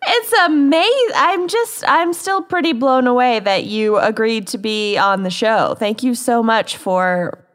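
A woman's voice: a little high, expressive, measured pace, a bit bright, long reverb tail. A woman co-hosting a casual podcast, playful and giggly. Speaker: podcast co-host.

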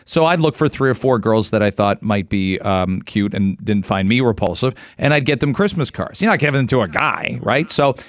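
A man co-hosting a talk radio show, telling stories in animated, casual banter and acting out the voices of people he quotes. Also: lowish voice, normal speed, hardly any pauses, no room sound, clean studio sound.

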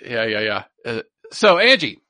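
A man in his thirties co-hosts a casual chat podcast, pushing his points with eager energy and repeating words in quick bursts. His mid-range voice sits close and dry on the mic, with no room around it. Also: medium pitch, big pitch swings, pushed and bright, dry recording. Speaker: podcast co-host.

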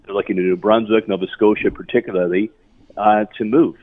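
A man's voice: lowish voice, brisk, dry recording. A man, an industry association chief, speaking emphatically as a guest in a radio interview. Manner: animated, emphatic, repeats words. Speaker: real estate association CEO, guest. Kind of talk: phone-in interview. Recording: tinny phone line, dry.

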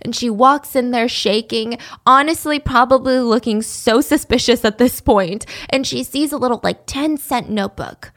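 A woman telling a story in a chatty, animated way with dramatic asides. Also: a little high, normal speed, few pauses. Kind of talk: casual storytelling.

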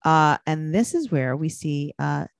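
A woman's voice: low-pitched, a little slow, gravelly, clear, resonant tone, no room sound, clean studio sound. A woman co-hosting a podcast, chatting casually and sarcastically as she recaps a TV show. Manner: animated, sarcastic, mimics people in quotes. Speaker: podcast co-host.

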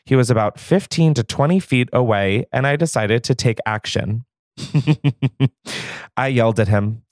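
A man's voice: medium pitch, measured pace, darkish tone, dry recording, clean studio sound. A man hosting a podcast, reading stories aloud in a profane, gossipy manner, jittery from caffeine and laughing often. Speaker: podcast host.

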